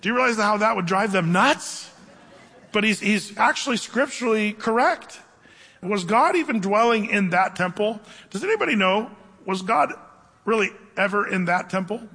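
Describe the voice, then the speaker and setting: A man delivers a lively, conversational sermon in a fairly high, bright voice. His words carry a long reverb from the hall around him, and he slows down deliberately when reading scripture. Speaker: pastor. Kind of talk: sermon Bible teaching.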